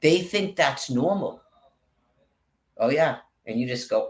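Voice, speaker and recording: A man's voice: medium pitch, lively intonation, slow pace, pauses often. Swearing, rambling New man ranting. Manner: angry, swears constantly, rambling. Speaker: vlogger. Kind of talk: profane ranting monologue.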